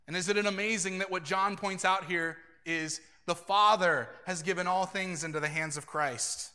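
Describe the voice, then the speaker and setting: A man preaching a sermon as pastor, earnest and animated, acting out quoted lines and laughing now and then. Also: high voice, brisk, hardly any pauses.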